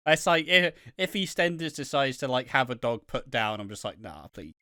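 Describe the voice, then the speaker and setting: A man's voice: medium pitch, lively intonation, moderate pace, pushed and bright, clear, resonant tone, no room sound, clean studio sound. A man co-hosting a casual podcast chat who rambles, swears freely and gets worked up retelling scenes. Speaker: podcast co-host.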